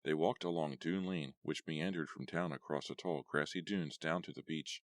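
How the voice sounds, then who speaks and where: A man narrating a horror audiobook in a steady storytelling read. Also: rumbling low, normal speed, no echo. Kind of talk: scripted narration.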